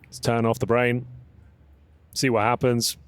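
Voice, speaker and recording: A man's voice: medium pitch, little pitch movement, a little slow. Man casting an esports match over game noise. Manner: dry, teasing banter between calls. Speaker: esports caster. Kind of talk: play-by-play commentary. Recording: broadcast mix with game sounds underneath.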